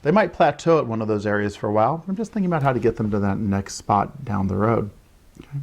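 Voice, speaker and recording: Fairly low-pitched with some vocal fry, this man speaks quickly and with lively intonation. He teaches young children and explains early writing steps to parents, often checking in with "right?" and acting out his lines to kids.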